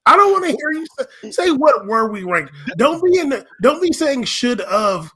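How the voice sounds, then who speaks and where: A man with a notably high voice co-hosts a casual commentary show. He jumps in with quick, indignant remarks and opinions. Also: sing-song, pushed and bright, a little hiss or hum. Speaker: co-host.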